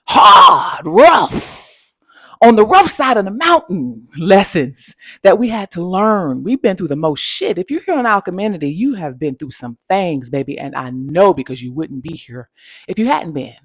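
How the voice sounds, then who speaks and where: A woman's voice: lowish voice, big pitch swings, moderate pace, breathy edge, no room sound. A woman giving an emphatic, repetitive motivational talk as a spiritual coach, using pet names and a preacher-like cadence. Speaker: spiritual coach and channel host.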